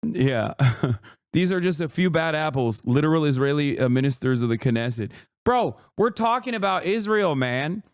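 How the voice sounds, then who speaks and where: A man's voice: on the high side, expressive, normal speed, smooth, no echo, studio quality. A male streamer ranting in live commentary, profane and heated, with sarcastic mockery.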